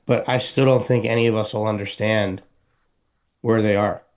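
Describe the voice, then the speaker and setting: A man co-hosting a talk show, speaking earnestly and haltingly as he gives heartfelt advice. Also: lowish voice, fairly even intonation. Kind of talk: casual talk show chat.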